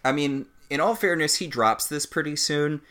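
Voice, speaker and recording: A man's voice: fairly high pitch, normal speed, pushed and bright. A man co-hosting a podcast, recapping a TV episode in casual chat, with dry, wry commentary. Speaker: podcast co-host.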